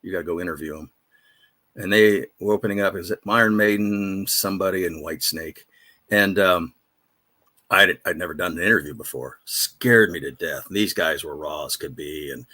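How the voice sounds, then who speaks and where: Veteran male radio DJ, low voice, rambling anecdotes, dry studio sound. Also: bright, forceful tone, dry recording. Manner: rambling, self-deprecating anecdotes with many fillers. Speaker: radio DJ guest. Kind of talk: casual storytelling interview.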